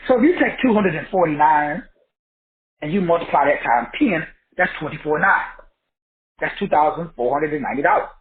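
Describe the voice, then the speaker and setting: A man's voice: fairly high pitch, animated, a little fast. A man teaching a credit class over a group call in a preacher-like cadence, folksy and emphatic, firing off rhetorical questions and repeating phrases. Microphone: phone or call line. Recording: tinny phone-line audio.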